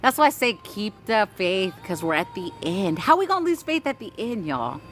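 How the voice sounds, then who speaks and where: A woman's voice: medium pitch, very animated, normal speed, slight background noise. A woman hosting a casual spiritual livestream, reading chat aloud, greeting viewers by name and urging them on with repeated "right?" and casual swearing.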